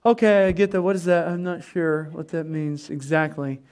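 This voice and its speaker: Baffled male disciples mutter to themselves in a hushed, unsure way, as a preacher acts them out during a sermon. The voice is high but drops low in volume, sounding puzzled and slow. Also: fairly even intonation, smooth, lightly acted.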